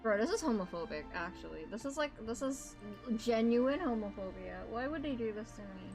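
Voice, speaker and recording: A woman's voice: on the high side, fairly quick, over music. A young adult woman streaming a game, chatting casually and animatedly with her viewers at a desk microphone. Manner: chatty and animated, talks to her chat, exclaims often. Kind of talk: casual gaming livestream chat.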